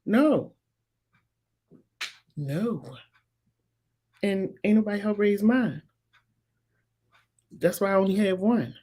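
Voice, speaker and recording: A talk show host in her 50s runs a live-streamed commentary show answering viewers, hammering her points with emphatic, repetitive insistence. Her mid-range voice is mellow and fairly even in intonation, at a normal speed with frequent pauses.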